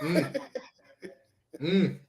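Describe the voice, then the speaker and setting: A man co-hosting a sports podcast, trash-talking in an animated way and throwing in preacher-like exclamations. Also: very slow. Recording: roomy, far from the mic.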